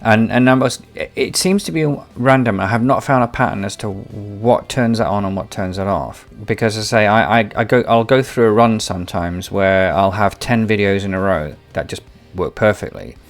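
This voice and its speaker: A man with a fairly low voice talks through an AI video tool like a tutorial host. He rambles, circles back and repeats himself as he hunts for words. The delivery stays casual and unscripted. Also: moderate pace, hardly any pauses, faint music behind. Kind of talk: tutorial commentary.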